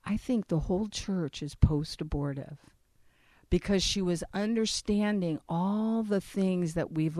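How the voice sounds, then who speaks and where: A woman's voice: on the low side, a little mellow, dry recording, clean studio sound. A woman speaking earnestly to a church audience about abortion recovery, often asking them questions. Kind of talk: conversational church talk.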